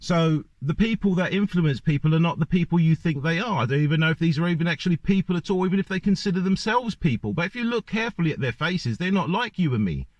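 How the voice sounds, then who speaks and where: A man's voice: a little high, lively intonation, fast, hardly any pauses, no room sound. Man, ranting monologue, repeated rhetorical questions, dull lo-fi sound. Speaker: vlogger. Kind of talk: monologue to camera. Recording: dull lo-fi dry recording.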